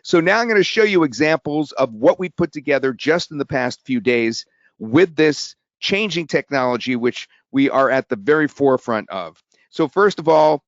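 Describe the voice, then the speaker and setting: A man hosting a live sales webinar, talking in an excitable, rambling way with restarts. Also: mid-range voice, no room sound. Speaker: webinar host. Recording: dull webinar audio.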